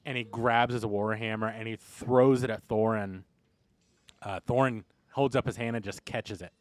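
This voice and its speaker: A man narrating as game master in a casual, halting way. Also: lowish voice, fairly even intonation, no room sound.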